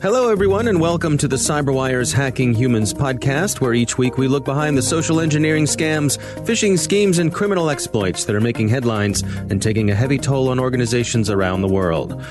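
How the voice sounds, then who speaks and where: A man's voice: mid-range voice, animated, fairly quick, hardly any pauses, over music. A man hosting a podcast, opening the show and leading the conversation in an upbeat, welcoming way. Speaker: podcast host.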